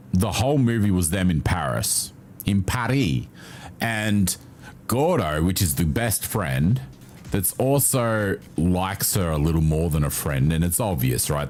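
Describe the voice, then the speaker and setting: A man's voice: deep voice, darkish tone, slight background noise. A man livestreaming, chatting casually with his viewers and reacting to their messages with laughs and swearing. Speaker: livestreamer reading chat.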